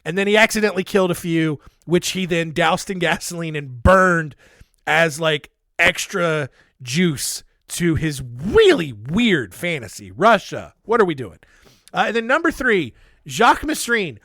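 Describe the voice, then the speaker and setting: A man's voice: a little high, sing-song, a little slow, a bit bright, no echo, studio quality. A man hosting a podcast, recapping true-crime stories in a casual, blunt, jokey way. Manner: irreverent, blunt, jokey asides. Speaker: podcast host.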